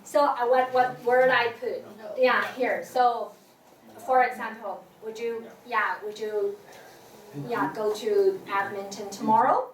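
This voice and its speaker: High-pitched, unhurried woman teaching tones. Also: a bit bright. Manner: patient, demonstrating tones aloud, with frequent fillers. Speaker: Chinese language teacher. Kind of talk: classroom teaching. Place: classroom. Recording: echoey room from far off, noisy.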